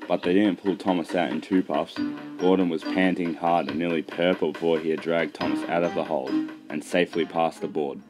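A man narrating a children's railway storybook in a steady reading voice. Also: deep voice, fairly quick. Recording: music behind, poor mic.

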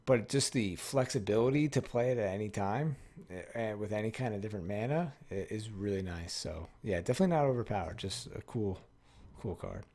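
Man, low-ish voice, loose rambling card-opening commentary, swears. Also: brisk, darkish tone. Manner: rambling, self-correcting, swears freely. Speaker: card game pack-opening streamer.

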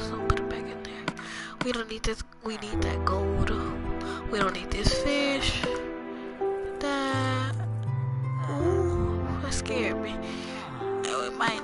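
Young woman, gaming commentary; chatty and rambling, low voice with a sore throat, higher-pitched, loud music behind. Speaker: gamer. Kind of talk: casual game walkthrough commentary.

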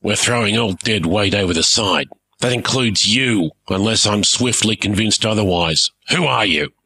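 A man voicing a gruff, blustering pirate airship captain who barks orders. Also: on the low side, normal speed, sharp tone, no echo, full character voice. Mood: gruff commanding.

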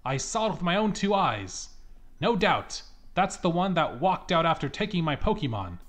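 Man putting on a shrill angry grandma. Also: sing-song, moderate pace, fairly bright tone. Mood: indignant. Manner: indignant ranting. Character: angry old woman, shrill and accusing.

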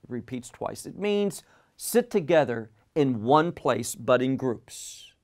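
Male Bible teacher, unhurried verse-by-verse sermon delivery, emphatic repeats, mid-range voice. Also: mid-range voice, big pitch swings. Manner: deliberate, emphatic, repeats words for stress.

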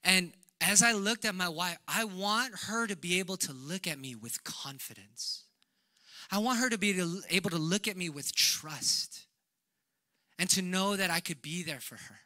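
A young man preaching a conversational sermon who acts out dialogue and drops to a hush on tender lines. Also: sits high, lively intonation, moderate pace, no room sound. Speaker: pastor.

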